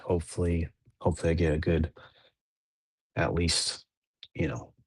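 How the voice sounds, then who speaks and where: A man's voice: low voice, fairly even intonation, normal speed, husky. A man in his thirties, a podcast co-host, talking casually in a rambling, laid-back way with lots of fillers and restarts. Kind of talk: casual chat.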